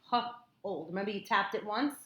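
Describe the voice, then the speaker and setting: A woman tutoring a child in phonics one-on-one, patient and encouraging, repeating words slowly in a classroom. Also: mid-range voice, fairly bright tone. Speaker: reading tutor. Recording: echoey room, faint noise.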